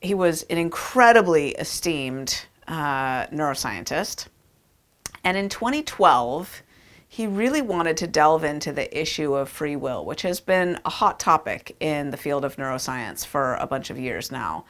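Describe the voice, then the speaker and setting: Woman, lowish voice, conversational storyteller, emphatic with fillers. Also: lively intonation, unhurried. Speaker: speaker. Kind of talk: storytelling talk.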